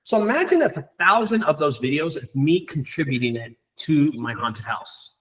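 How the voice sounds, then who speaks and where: A man hosting a group meeting, talking in an excited, rambling way with many fillers. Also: a little high, normal speed. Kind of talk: casual group meeting talk.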